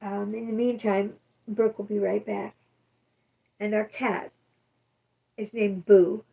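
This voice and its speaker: Gravelly woman reading livestream chat. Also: mid-range voice, little pitch movement, takes it slowly. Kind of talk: casual chat, reading viewer comments. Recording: dull, distant stream audio.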